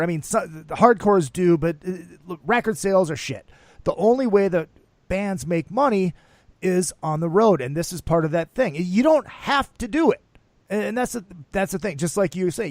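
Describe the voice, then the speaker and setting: A man's voice: high voice, dry recording. A man hosting a casual talk show, speaking loosely with cursing and jokes. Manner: loose, profane, joking. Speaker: show host.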